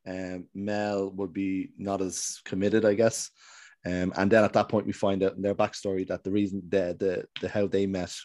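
A man casually recaps a TV show's plot, rambling and hesitant as he goes. His deep, darkish voice keeps a level tone at a moderate pace, with no echo.

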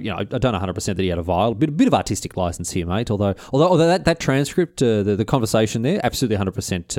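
A man's voice: medium pitch, a little mellow, no echo, clean studio sound. A man, hosting a podcast and telling history in a slangy, jokey, rambling way. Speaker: podcast host. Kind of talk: casual history storytelling.

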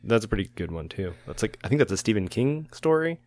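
A man in a casual podcast chat speaks in an offhand way, adding details and correcting the others. His voice sits a little low. The recording is dry and close. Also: very animated, darkish tone, dry recording. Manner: offhand, quick to correct and chime in. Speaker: podcast co-host.

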